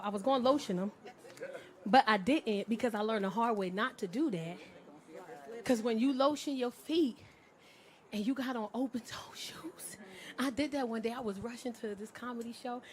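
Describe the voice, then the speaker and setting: A middle-aged woman doing stand-up, telling stories in an animated, profane, punchy way. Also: on the high side, fairly quick, some chatter behind. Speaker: stand-up comedian. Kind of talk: stand-up comedy storytelling.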